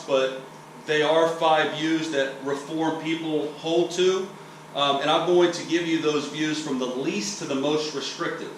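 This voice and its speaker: A man's voice: a little high, a bit bright. A preacher from Texas giving a teaching sermon in a conversational, explanatory way, often checking in with "okay?" and restarting his sentences. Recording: roomy echo, distant mic, faint hiss.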